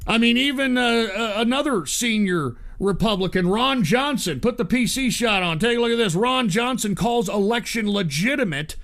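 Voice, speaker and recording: A man ranting on a livestream in a high, bright, sharp voice. He swears constantly and mocks viewers and public figures as he goes. His delivery is heated and scornful throughout. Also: lively intonation, moderate pace, vocal fry, hardly any pauses. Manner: profane, heated and mocking, reads viewer donations aloud. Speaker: livestream host. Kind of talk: angry political rant.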